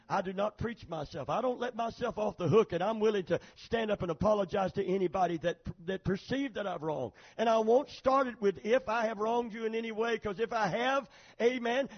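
A male pastor preaches an emphatic sermon and keeps calling for amens from the congregation. His voice is high and husky. The recording sounds dull and lo-fi.

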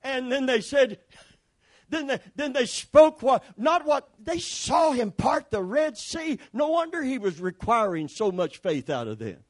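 Emphatic, slow-preaching man pastor. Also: very high-pitched, sing-song. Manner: emphatic, repetitive, calls the congregation to respond. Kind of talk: sermon.

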